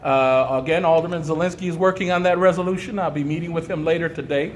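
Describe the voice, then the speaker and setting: A man's voice: fairly high pitch, steady tone, fast. A man speaking at a press conference, with a fiery, preacher-like delivery that climbs into outrage. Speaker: community activist at press conference. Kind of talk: impassioned press conference statement. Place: indoor hall at a press conference. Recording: echoey hall with faint room noise.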